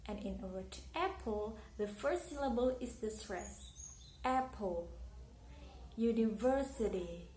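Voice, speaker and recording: Young indonesian woman with an indonesian accent, slightly high voice, careful pronunciation lesson, echoey room, faint hiss. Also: animated, measured pace, hardly any pauses, a little mellow. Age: young adult. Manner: careful, explaining and repeating example words. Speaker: university student. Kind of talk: recorded English pronunciation lesson.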